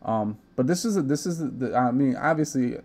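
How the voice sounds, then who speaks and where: A man's voice: medium pitch, lively intonation, brisk, darkish tone. A young man hosting a casual gaming podcast, talking brash, profane trash talk. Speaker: podcast host.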